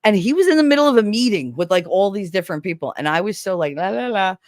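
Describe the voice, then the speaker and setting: A woman's voice: medium pitch, fast, dry recording, clean studio sound. A woman chatting casually on a stream, telling stories with lots of swearing and laughter, acting out the voices of the people she quotes. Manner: animated, swears freely, acts out quoted voices; laughs often. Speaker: stream co-host. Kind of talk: casual storytelling chat.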